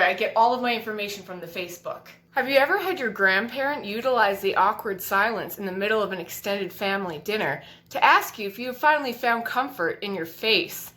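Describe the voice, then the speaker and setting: Deadpan young woman in an echoey room. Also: fairly high pitch, fairly quick, few pauses. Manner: deadpan absurd one-liners. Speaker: comedian. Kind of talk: deadpan comedy sketch monologue. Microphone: household item used as a mic.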